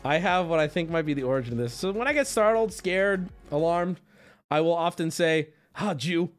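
A man's voice: a little high, animated, brisk, soft background music. A man livestreaming and talking casually to his chat, rambling, joking and swearing freely. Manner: rambling, profane, jokey.

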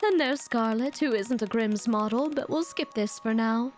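A woman's voice: on the high side, normal speed, soft background music, lightly acted. A woman voicing a solemn young woman who speaks at a memorial in a wistful, earnest way.

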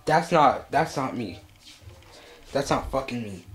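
A man's voice: medium pitch, lively intonation, measured pace, long pauses, a bit bright. Young man swearing nonstop, disgusted. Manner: profane, swears constantly, disgusted and agitated. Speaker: vlogger. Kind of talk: scripted comedic vlog skit. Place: basement at home.

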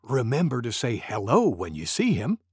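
A man reading a children's picture story aloud as the host of a preschool learning show, expressive and gently paced. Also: medium pitch, normal speed, breathy edge, dry recording, clean studio sound.

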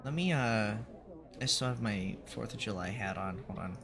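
A man's voice: lowish voice, expressive, normal speed, a crowd in the background. A man streaming a video game, chatting casually, thinking aloud and correcting himself as he goes. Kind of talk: casual gaming stream chat.

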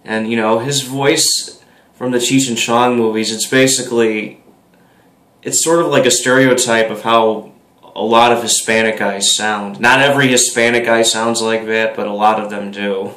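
A man's voice: lowish voice, steady tone, moderate pace, fairly bright tone. A man casually introducing his own video, hesitant and full of ums. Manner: hesitant, many ums and restarts. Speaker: video creator. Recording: echoey room.

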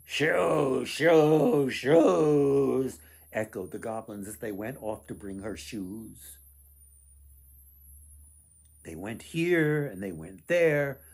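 Slow, expressive male storyteller. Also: lowish voice, slightly rough. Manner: slow, expressive, dramatic pauses. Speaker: author reading his book. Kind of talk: storybook read-aloud.

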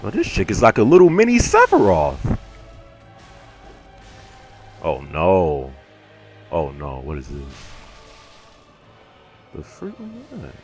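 A man commentating his own gameplay, casual and slangy, swinging from low self-critical muttering to sudden yells. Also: huge pitch swings, slow pace, long pauses, faint music behind. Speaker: gamer.

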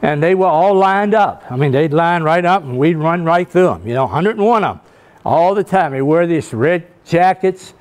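A man's voice: on the high side, expressive, moderate pace. A man, telling self-mocking stories in a leadership talk and often checking in with his listeners. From Richmond, Virginia, US. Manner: folksy, self-mocking humor, keeps checking in with "okay?". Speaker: guest speaker, former football coach.

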